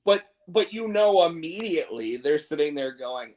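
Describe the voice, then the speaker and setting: A man co-hosting a casual wrestling chat, animated and swearing often while acting out quotes. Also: a little high, normal speed. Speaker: podcast co-host.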